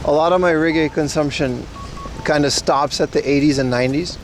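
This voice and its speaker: A man's voice: fairly high pitch, fairly quick, a little hiss or hum. A man in his thirties hosting a casual livestream outdoors on city streets, rambling and answering viewer chat while biking. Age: 30s. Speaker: livestream host.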